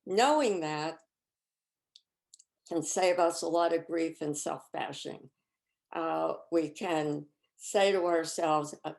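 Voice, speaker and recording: A woman presenting a reflective faith talk over a video call, measured and searching for words. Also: low-pitched, vocal fry, a little mellow. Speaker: retreat presenter.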